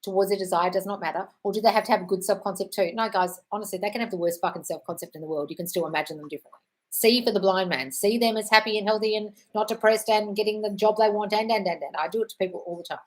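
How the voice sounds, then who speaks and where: On a low-quality recording, a woman with a medium-pitched, steady voice takes viewer questions in a laid-back live Q&A from her home. Her dog is nearby as she reads and responds quickly, bluntly, and with lots of cursing.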